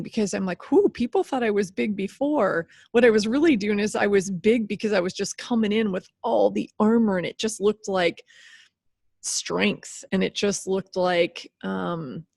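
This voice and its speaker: A woman's voice: mid-range voice, creaky, no echo, clean studio sound. Candid fifty-something woman podcast host. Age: 50s. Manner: candid, animated, laughs and swears freely. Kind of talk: solo podcast monologue.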